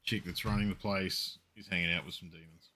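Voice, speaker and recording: A man's voice: low voice, steady tone, brisk, bright, forceful tone. A man streaming a video game, chatting casually and swearing freely as he plays. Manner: laid-back, swears freely. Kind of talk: casual chat while gaming.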